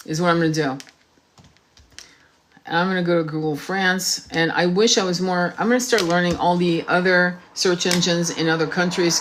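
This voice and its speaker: A woman hosting a casual livestream, talking while searching online, distracted and swearing, with many restarts. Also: fairly low pitch. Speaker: tarot reader livestream host.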